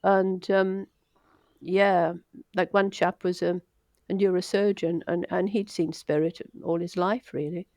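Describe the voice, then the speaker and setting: A woman's voice: on the low side, steady tone, a little slow, a little mellow, dry recording, clean studio sound. An older woman from Wales, a doctor telling stories in an interview, chatty and self-deprecating. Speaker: doctor, guest. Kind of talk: casual storytelling interview.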